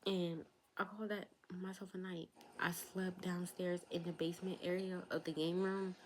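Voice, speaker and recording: A woman's voice: lowish voice, level tone, normal speed, a little hiss or hum, low-quality recording. A young woman telling a personal storytime to her viewers, chatty, talking straight to them and slipping into whispered asides. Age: young adult. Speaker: vlogger. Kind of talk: storytime vlog.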